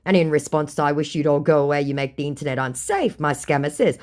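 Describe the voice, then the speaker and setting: A woman's voice: low voice, quick pace, few pauses, a little mellow. A woman telling a storytime vlog about chatting with a scammer, sarcastic and exasperated. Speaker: storyteller recounting a chat with a scammer.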